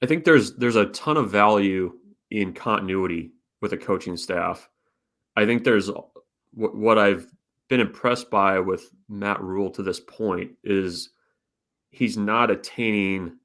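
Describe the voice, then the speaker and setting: A man's voice: lowish voice, fairly bright tone. A man co-hosting a sports podcast, asking long, winding questions and often repeating his words as he talks. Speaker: podcast co-host. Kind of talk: casual sports podcast chat.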